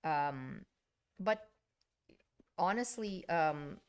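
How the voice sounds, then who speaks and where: A woman co-hosting a casual chat, telling lively stories about coaching and acting out her own yelling. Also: deep voice, drawn-out words, smooth. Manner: animated storyteller, acts out her own yelling. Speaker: podcast co-host.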